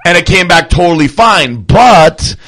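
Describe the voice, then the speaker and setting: Young male guest, loose and profane, telling an animated story in plain conversation. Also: high-pitched, measured pace, slight background noise. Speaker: guest athlete and trainer. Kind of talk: casual storytelling.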